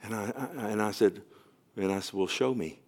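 A man with a somewhat low voice preaches a sermon as pastor. He tells the story in a personal way, often dropping to a hushed, nearly whispered tone with stammered restarts. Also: moderate pace.

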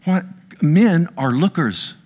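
Delivering an animated sermon, this sixty-something pastor lurches from loud, high-pitched outbursts to slow, low, emphatic passages. Along the way he pokes fun at himself.

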